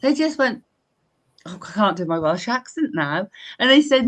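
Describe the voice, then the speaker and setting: An older woman from England hosts a relaxed live-stream chat. She tells her stories in a chatty, animated way, stumbling and restarting as she goes. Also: fairly high pitch, moderate pace. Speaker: host.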